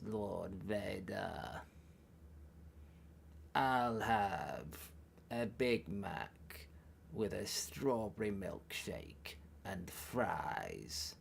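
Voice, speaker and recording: A man voicing a sinister old male emperor, speaking slow, hushed and rasping. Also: fairly low pitch, slight background noise, pitched below the performer's own voice, exaggerated voice.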